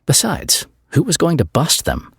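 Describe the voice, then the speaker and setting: A man narrating an audiobook in a scripted, expressive storytelling style. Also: fairly high pitch, a little slow, gravelly, husky, no room sound, studio quality.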